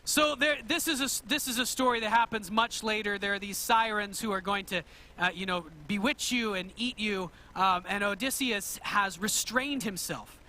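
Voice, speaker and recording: A man preaching a sermon, telling old myths with animated, conversational storytelling and questions to the congregation. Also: high-pitched, moderate pace. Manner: asks the audience questions. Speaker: pastor.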